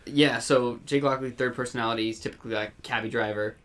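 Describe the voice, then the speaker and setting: A man talks casually as a podcast host, his voice bright and ringing. He gets animated and slips into quoted lines as he explains a scene. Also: medium pitch, quick pace. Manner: animated, acts out scene quotes in put-on accents.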